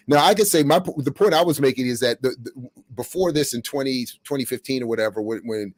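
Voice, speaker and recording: A man's voice: mid-range voice, quick pace, no echo. Middle-aged man telling stories, dry sound. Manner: animated, acts out quotes while telling stories. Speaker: podcast host. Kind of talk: casual storytelling discussion.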